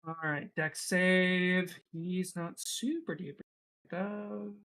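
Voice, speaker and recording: A man's voice: sits high, steady tone, slow pace, pushed and bright. A young man narrating as game master, rambling with lots of fillers and restarts.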